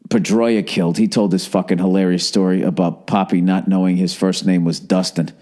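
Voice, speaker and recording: A man holds the mic alone, spinning a long casual story with a wry, profane edge. His voice sits a little low and unhurried, drifting from one aside to the next. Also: flat delivery, dark tone. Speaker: podcast host.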